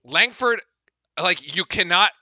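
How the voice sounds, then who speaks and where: Bright-voiced young man calling a stream. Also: high voice, animated, slow, no echo, highs cut off. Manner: exasperated, incredulous, laughing at calls, rambling restarts. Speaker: streamer doing live play-by-play. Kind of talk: live fan commentary.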